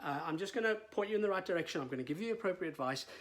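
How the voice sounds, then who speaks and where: A man's voice: high voice, animated, very fast, a bit bright. A middle-aged man, a veterinarian explaining in casual talk, with frequent fillers and repeated words.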